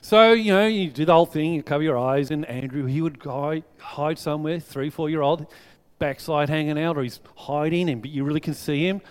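A man preaching a sermon to his congregation, telling a childhood story in a chatty, animated way. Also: on the high side, fairly quick, smooth. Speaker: pastor. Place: church hall. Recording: long reverb of a large hall.

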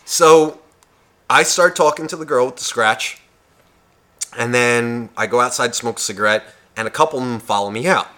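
Male podcast co-host, bright ringing tone, loose profane storyteller. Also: medium pitch, moderate pace. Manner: rambling, heavy swearing, animated retelling.

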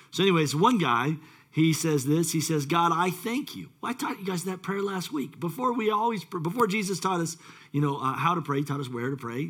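A man's voice: fairly high pitch, fairly bright tone. A male pastor preaching a casual, rambling sermon with many fillers and self-deprecating asides.

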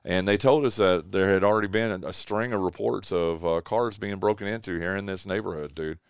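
A man hosting a radio talk show from home, rambling through stories with lots of fillers and restarts. His voice sits somewhat low, smooth and clear, recorded dry and close. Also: brisk, dry recording. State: recovering from bronchitis. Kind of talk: casual chat. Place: home studio.

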